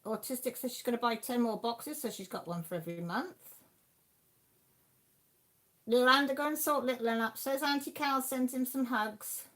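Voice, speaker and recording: A woman with a slightly high voice chats her way through a livestream. She reads out viewer messages and answers each one in a casual, easygoing way. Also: a little fast. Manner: chatty, reads out viewer messages and replies warmly. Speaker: livestream host. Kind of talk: casual chat reading viewer comments.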